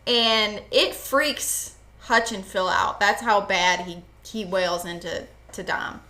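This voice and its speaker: Slow-talking woman with a bright voice. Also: medium pitch. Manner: emphatic, swears freely. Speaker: podcast co-host. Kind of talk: casual chat retelling a book plot.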